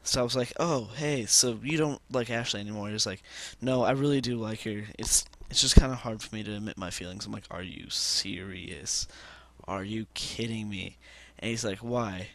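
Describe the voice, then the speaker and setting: A man's voice: fairly low pitch, fairly even intonation, fast, few pauses, dry recording. A teenage boy telling a rambling personal story over gameplay, full of fillers and restarts, on a headset mic. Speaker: gaming commentator.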